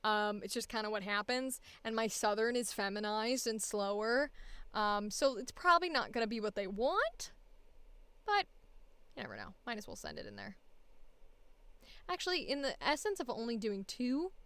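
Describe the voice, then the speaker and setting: A woman's voice: fairly high pitch, big pitch swings, normal speed, fairly bright tone, smooth, no echo. A woman voice actor chatting casually and thinking aloud while she records an audition.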